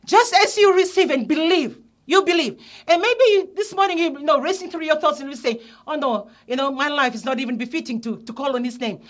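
A woman pastor preaches in a high, light voice. She tells her testimony earnestly and rises into emphatic calls to her listeners. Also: fairly quick. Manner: earnest storytelling, rising to emphatic exhortation. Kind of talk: testimony sermon.

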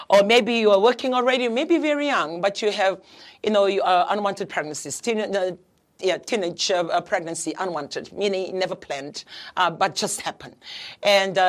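A woman preaching an earnest, pleading sermon as a pastor, with frequent hesitations and repeated phrases. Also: mid-range voice. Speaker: pastor and prayer counselor. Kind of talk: heartfelt sermon.

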